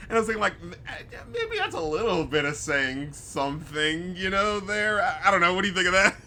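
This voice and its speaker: Podcast host, male, bright and somewhat high voice, rambling and profane, faint hiss behind. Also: animated, fairly quick. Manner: loose and profane, many fillers, mimics film lines. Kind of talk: casual film review chat.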